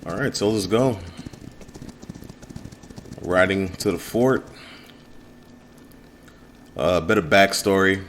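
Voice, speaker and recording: A man casually narrating a let's play of his own game demo, relaxed and rambling with fillers. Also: deep voice, slow, long pauses.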